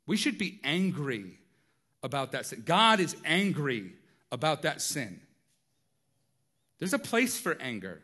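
A man preaching a sermon in a conversational way, dropping to a hush and then rising loud and intense, often asking "right?". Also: on the high side, sing-song, unhurried, pauses often. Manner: swings from hushed to loud and intense; conversational, repeats phrases and asks "right?". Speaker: pastor.

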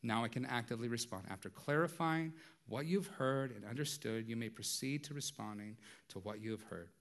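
A man's voice: mid-range voice, brisk. A man preaching a sermon in a conversational way, with light humor and frequent rhetorical asides. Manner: light humor, acts out everyday dialogue. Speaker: pastor.

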